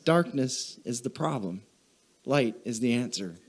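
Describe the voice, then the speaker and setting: A male pastor delivers a sermon in a church, hammering short phrases over and over in a steady preaching cadence. His voice sits at a middle pitch for a man. He calls out to the congregation for responses and grows emotional as he reads. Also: measured pace. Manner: emotional, chokes up while reading. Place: church sanctuary.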